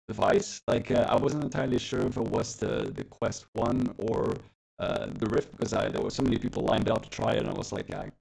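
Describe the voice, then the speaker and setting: A man's voice: medium pitch, creaky, darkish tone, low-quality recording. A man co-hosting a casual podcast over a call, telling stories with hesitant restarts and laughs. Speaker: podcast co-host. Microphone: remote call.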